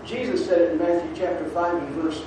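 Male pastor, fairly high voice, preaching with loud urging and soft asides, far from the mic in a very echoey hall. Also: fairly quick, noisy background. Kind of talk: sermon. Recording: distant mic in an echoing hall.

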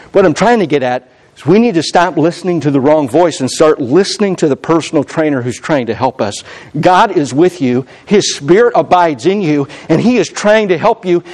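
A man preaching a sermon as pastor, conversational, with frequent restarts and self-corrections, climbing loud and high when he quotes God's voice. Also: lively intonation, a little fast.

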